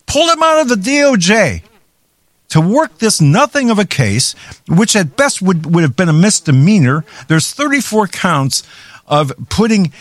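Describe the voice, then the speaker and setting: A man's voice: high-pitched, sing-song, normal speed, no room sound. A man hosting a talk show, giving heated political commentary with many restarts and stumbles. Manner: heated, ranting, with frequent restarts.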